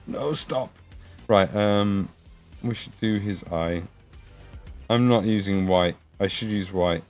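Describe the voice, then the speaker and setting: A young man with an English Midlands accent chats loosely on a livestream as he paints miniatures. His voice sits a little low, he swears freely and laughs often, and faint music plays behind him. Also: slow, darkish tone. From England. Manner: chatty, swears, laughs often, reads chat aloud. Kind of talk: casual livestream chat.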